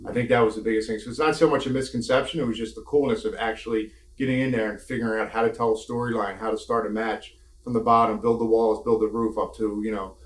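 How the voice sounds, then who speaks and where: A man's voice: fairly low pitch, steady tone, quick pace. A former pro wrestler telling candid, laughing stories from his career in a casual interview, swearing now and then. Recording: echoey room.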